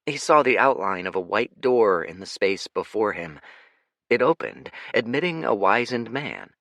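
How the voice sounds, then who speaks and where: A man narrating an audiobook in a dramatic, expressive storytelling manner. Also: on the low side, normal speed, no echo. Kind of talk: scripted narration.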